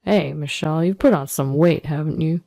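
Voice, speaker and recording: A woman's voice: sits low, moderate pace, creaky, warm tone. A woman voicing a smug, arrogant ex-husband who mocks and sneers. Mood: sneering. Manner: sneering, mocking.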